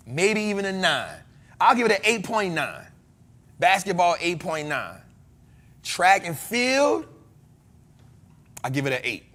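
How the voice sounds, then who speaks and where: Animated, high-voiced American man. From United States. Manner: animated, joking, bursts of loud exclamations. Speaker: podcast host. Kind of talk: casual chat.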